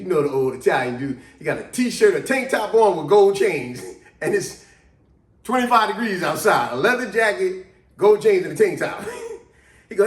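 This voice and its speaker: A man telling a story in a chatty, casual way, with a high voice and lively swings in pitch. He laughs easily, and an echoey room surrounds the voice. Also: moderate pace.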